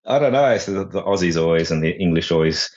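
A man's voice: deep voice, expressive, quick pace, a little mellow, lo-fi sound. A man who is a coach and author, a guest on a podcast, chatting in a loose, casual way. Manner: chatty, with fillers and restarts. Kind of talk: casual interview talk.

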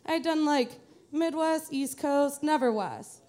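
A woman's voice: sits high, a little slow, darkish tone. A young adult woman from the Detroit area, telling a live personal story to an audience in a chatty, self-mocking way. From Metro Detroit, USA.

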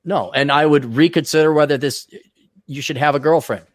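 Halting man reading viewer questions. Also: a little high, no room sound. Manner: halting, restarts often, laughs easily. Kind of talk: casual chat.

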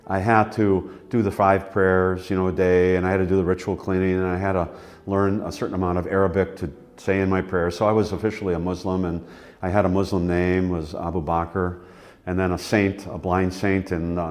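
A man in his sixties, interviewed, telling his life story in a rambling, relaxed way with many fillers. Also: low-pitched. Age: 60s. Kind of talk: reflective personal storytelling.

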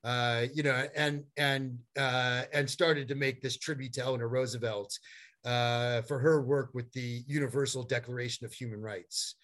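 A middle-aged man telling a long story as a guest, animated and rambling, with many fillers and restarts. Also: mid-range voice, moderate pace. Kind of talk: storytelling in a conversation.

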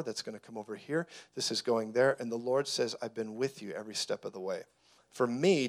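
Animated man preaching with stories. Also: medium pitch. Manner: animated storyteller who acts out dialogue. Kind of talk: sermon teaching.

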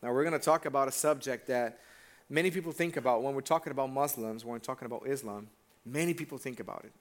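A man's voice: medium pitch, quick pace. Pastor guy chatting through a sermon, medium voice, laid-back, asks the crowd stuff. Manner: casual and direct, asks the congregation questions. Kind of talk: conversational sermon.

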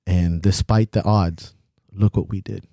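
Deep, dark-voiced blunt man. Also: fairly even intonation, unhurried, creaky, dry recording, clean studio sound. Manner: blunt, emotional, swears freely. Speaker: podcast co-host. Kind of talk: candid podcast chat.

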